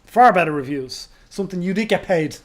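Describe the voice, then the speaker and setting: A man hosting a film review panel, steering the talk with quick questions. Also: high voice, animated. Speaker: show host. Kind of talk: casual panel chat.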